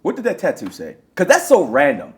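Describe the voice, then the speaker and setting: A man co-hosting a podcast, his voice pitched high and swinging widely as he rants. He swears freely and mocks what he is watching, in loose, casual banter. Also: wildly swooping pitch, a little fast. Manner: profane, mocking rants. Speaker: podcast co-host.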